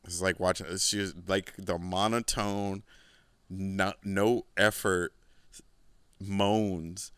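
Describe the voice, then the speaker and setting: A man's voice: low-pitched, flat delivery, takes it slowly, a bit bright, smooth, dry recording. A man hosting a podcast, telling a rambling, profane story in a casual, laid-back way. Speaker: podcast host.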